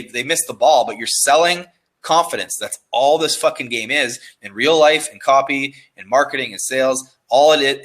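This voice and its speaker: A man's voice: medium pitch, bright, forceful tone, low-quality recording. A man being interviewed about copywriting, talking in a loose, profane, restless way and often restarting his words. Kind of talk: casual conversation.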